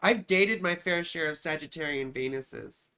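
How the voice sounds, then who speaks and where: A woman's voice: sits low, normal speed, sharp tone, smooth. A woman astrologer hosting a live chart-reading stream, talking in a rambling, profane, self-mocking way. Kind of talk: casual livestream chat.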